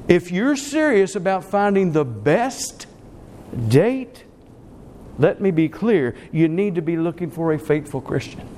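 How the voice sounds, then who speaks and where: A man preaching a sermon with emphasis, speeding through some phrases and slowing hard on key words. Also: sits high, a little mellow, slight background noise. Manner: emphatic, swings between fast runs and slow stressed words. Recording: long reverb of a church hall.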